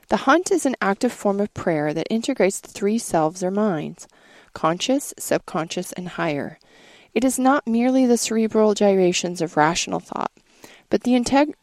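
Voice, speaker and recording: Woman reading a script slow and earnest, kinda gravelly, dry close sound. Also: fairly low pitch, darkish tone, no echo.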